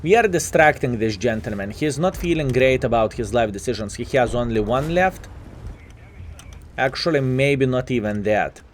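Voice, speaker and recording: A man's voice: mid-range voice, expressive, moderate pace, slight background noise. Lithuanian guy talking over his tank game, sleepy, chatty, keeps saying fellas. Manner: chatty, calls viewers "fellas". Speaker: gaming commentator. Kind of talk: live gameplay commentary.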